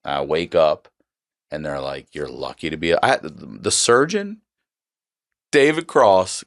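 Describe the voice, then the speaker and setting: A man's voice: deep voice, expressive, unhurried, pauses often, no room sound, studio quality. A middle-aged man on a podcast, casually telling a profane story and acting out the people in it. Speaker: podcast guest.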